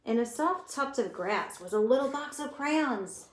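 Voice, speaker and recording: Slow, gentle teacher reading a storybook. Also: female voice, sits high. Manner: gentle and expressive, talks to listeners. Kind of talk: reading a picture book aloud. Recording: echoey room with faint noise.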